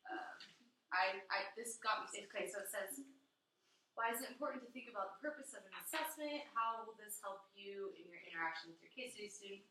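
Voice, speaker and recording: A woman's voice: medium pitch, fairly quick, bright, forceful tone, slight background noise. A young woman student teacher thinking aloud in a casual group discussion, with hesitant fillers. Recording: very echoey room, far from the mic.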